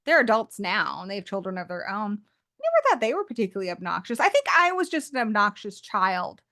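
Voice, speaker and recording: A woman's voice: mid-range voice, wildly swooping pitch, fairly quick, sharp tone. A woman from England, with an accent mixing British and American, chatting casually and rambling a little. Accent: mixed British and American. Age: adult. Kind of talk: casual chat.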